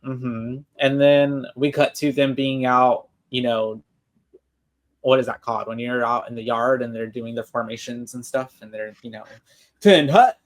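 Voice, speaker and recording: A man in casual podcast conversation, recapping a horror film scene by scene. He rambles and leans on "like" and "you know", speaking at an ordinary mid pitch. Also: flat delivery, moderate pace. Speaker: podcast co-host.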